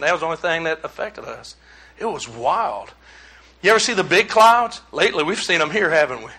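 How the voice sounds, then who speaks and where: A man's voice: high-pitched, sharp tone. A man preaching a casual sermon, rambling and conversational with folksy asides to the congregation. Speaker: pastor.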